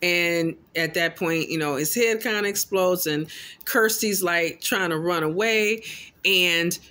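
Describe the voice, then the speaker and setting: A man casually recapping a horror film in an animated, loosely paraphrasing storytelling way. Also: high-pitched, measured pace. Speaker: film commentator.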